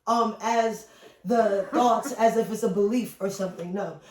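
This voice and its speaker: A woman's voice: medium pitch, steady tone, measured pace. Female co-host, teasing mock-serious debater, roomy sound heard from a distance. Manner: mock-serious arguing, playful provocations. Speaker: podcast co-host. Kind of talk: casual chat. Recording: echoey room, far from mic.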